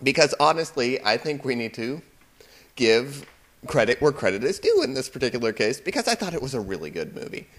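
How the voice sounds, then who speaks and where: A young man vlogging from a computer at home, talking about a film he has just seen. His pitch sits mid-range but swings a lot. He rambles and wanders off topic in a casual, chatty review. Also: fairly quick. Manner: rambling, animated, sidetracked. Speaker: video blogger. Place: home room at parents' computer.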